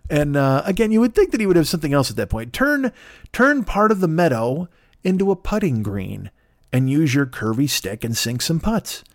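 A male podcast host spins a comic tale full of profane, absurd tangents. His delivery is animated and sits fairly high for a man. The recording is dry and close. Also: normal speed, no room sound. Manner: profane, riffing, absurd asides. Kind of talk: comic storytelling.

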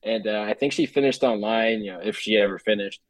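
Young man, low dry voice. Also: fast, dry recording, poor audio. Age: young adult. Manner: relaxed storytelling with many fillers. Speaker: guest baseball player. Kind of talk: casual interview chat.

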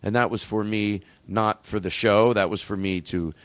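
A man hosting a comedy podcast, telling rambling, profane, excitable stories in casual chat. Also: fairly low pitch, normal speed, no room sound. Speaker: podcast host.

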